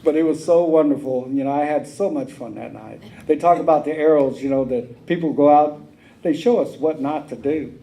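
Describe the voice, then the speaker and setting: Plainspoken man telling his story with a mellow voice. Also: fairly high pitch, moderate pace, creaky, rough recording. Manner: plainspoken storyteller, drawling with frequent "uh" and "you know". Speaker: AA speaker sharing his story. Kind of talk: recovery meeting talk.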